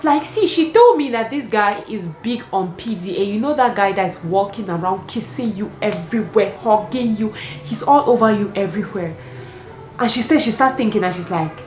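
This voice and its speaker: Animated woman telling a story, echoey room. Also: mid-range voice, moderate pace. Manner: animated, laughs often, acts out dialogue. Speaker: vlogger. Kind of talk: casual storytime. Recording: echoey room with clear background noise.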